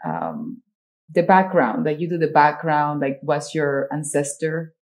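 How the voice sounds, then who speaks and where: A woman hosting a casual chat, animated and quick to laugh, often restarting her sentences. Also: sits low, vocal fry. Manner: animated and giggly, with frequent restarts.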